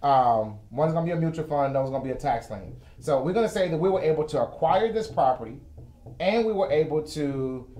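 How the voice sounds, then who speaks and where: In an echoey studio with a whiteboard, a man hosts a live-streamed finance lesson as a financial educator, keeping things casual, chatty and joking. His pitch is fairly high, and he sounds animated, brisk and warm.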